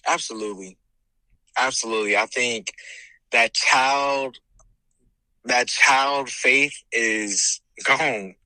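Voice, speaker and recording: A young man from California shares his faith journey in an earnest, animated voice that slips into preacher-like emphasis. His tone is bright and forceful, and the recording is dry and close. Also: medium pitch, slow pace, long pauses, dry recording, low-quality recording. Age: young adult. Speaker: guest, host's son. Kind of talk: casual faith conversation.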